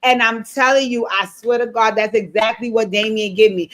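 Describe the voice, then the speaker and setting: A woman giving a casual recap of a TV episode, animated and blunt, swearing freely and talking straight to her viewers. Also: on the high side, moderate pace, few pauses. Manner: animated, blunt and profane, addressing viewers directly. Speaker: TV show recap streamer. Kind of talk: casual show recap commentary.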